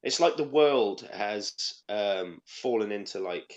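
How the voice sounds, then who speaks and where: A man's voice: lowish voice, lively intonation, slow pace, lo-fi sound. Rambling sweary Welsh man. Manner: rambling, full of fillers and swearing. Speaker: podcast co-host. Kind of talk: casual chat.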